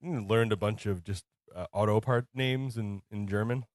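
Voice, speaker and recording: A man's voice: lowish voice, fairly even intonation, normal speed, no room sound, clean studio sound. A man co-hosting a casual beer-tasting podcast, rambling and filling his talk with "uh" and "like". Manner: rambling, full of fillers. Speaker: podcast co-host.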